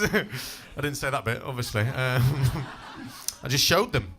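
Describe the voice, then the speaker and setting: A young man performs stand-up on a club stage with a bright, sharp voice that swings lively up and down. He is cheeky and self-deprecating, swears freely and chats straight to the crowd. A faint hiss sits under the mic. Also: mid-range voice, unhurried. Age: 20s. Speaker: stand-up comedian. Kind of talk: stand-up comedy set.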